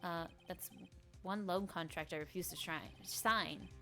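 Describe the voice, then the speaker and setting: A woman playing a nervous young male lawyer who stumbles over his words. He sounds unsure and hesitant. Quiet music sits under the reading. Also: on the low side, unhurried. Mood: wary. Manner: stammering, unsure.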